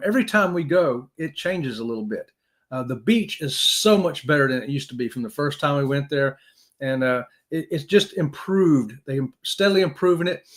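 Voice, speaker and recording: A man hosting a casual live-stream chat, jokey and talkative, greeting viewers by name. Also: fairly high pitch.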